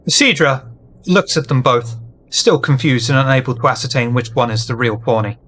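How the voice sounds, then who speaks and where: A man's voice: mid-range voice, moderate pace, fairly bright tone, slight background noise. A man running a tabletop role-playing game, narrating and joking casually with players. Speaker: game master.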